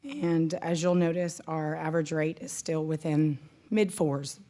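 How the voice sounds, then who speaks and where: A woman's voice: deep voice, unhurried, dark tone. A woman, a county treasurer, methodically walking commissioners through a financial report with small self-corrections. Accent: Texan. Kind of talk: presenting a financial report at a public meeting.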